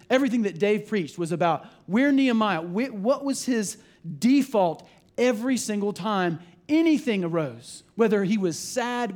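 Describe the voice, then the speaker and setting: A man with a fairly high voice delivers a sermon from the pulpit. He preaches in an animated way, breaking into acted-out quotes and conversational asides. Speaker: pastor.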